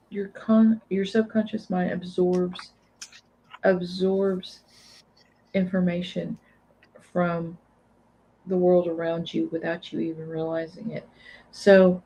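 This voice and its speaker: A woman reads tarot over a video call, speaking slowly with many small restarts. Her voice is low, dark and flat in tone. The call audio sounds dull and lo-fi. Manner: slow, hesitant, repeats words. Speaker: tarot reader guest. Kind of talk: intuitive card reading.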